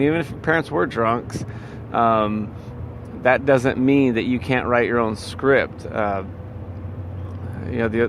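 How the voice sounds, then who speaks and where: A man's voice: medium pitch, slight background noise. A man in a casual motivational monologue, rambling and full of fillers and restarts. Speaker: vlogger giving life advice.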